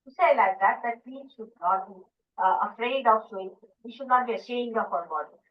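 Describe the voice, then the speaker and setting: A woman with a fairly high voice gives an informal spiritual talk, pressing her points with rhetorical questions and repeated phrases. She sits well back from the microphone on a muffled archival recording. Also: fairly quick, a little hiss or hum. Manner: emphatic, full of rhetorical questions and repetitions. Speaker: spiritual teacher. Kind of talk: informal talk to a small group. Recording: dull archival recording from far off.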